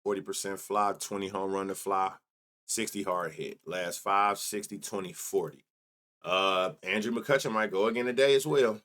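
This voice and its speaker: A man's voice: low voice, normal speed, a bit bright. A man hosting a sports betting show, thinking aloud in casual chat as he reads off numbers and mutters to himself. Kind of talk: casual solo stats rundown.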